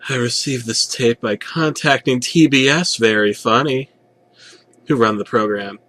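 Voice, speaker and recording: A man's voice: medium pitch, measured pace, bright, forceful tone. A young man narrating a parody creepypasta with a sarcastic, profane delivery.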